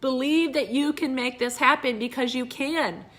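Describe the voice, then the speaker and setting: Woman, middle-aged, earnest motivational talk, slightly high voice, bright and forceful tone. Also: moderate pace. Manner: earnest, repeats phrases, addresses viewers as you guys. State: teary-eyed. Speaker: direct sales consultant. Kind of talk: motivational talk to her sales team.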